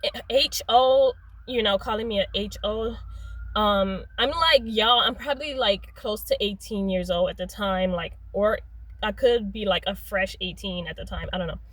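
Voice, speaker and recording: A young adult woman telling a personal story in a casual, rambling way, full of "like" and "um", swapping curse words for softer ones. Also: medium pitch, normal speed, no room sound, poor audio. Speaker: storyteller vlogger.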